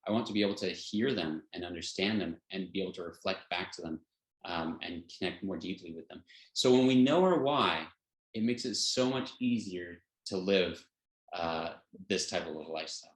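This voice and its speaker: A man's voice: sits low, normal speed. A man teaching a health class in an informal way, earnest, often chuckling and restarting his sentences with fillers. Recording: roomy echo.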